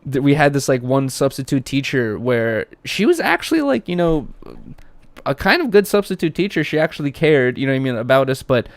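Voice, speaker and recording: A man's voice: medium pitch, very animated, brisk, no room sound. A young man hosting a casual podcast, telling rambling stories with lots of fillers and swearing. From Russia. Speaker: podcast host.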